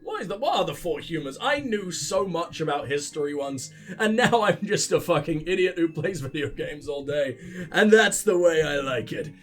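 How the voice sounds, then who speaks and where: A man's voice: on the high side, animated, normal speed, a bit bright, soft background music. A man giving profane, sarcastic, rambling commentary while playing a video game. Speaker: let's play host. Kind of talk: gaming commentary.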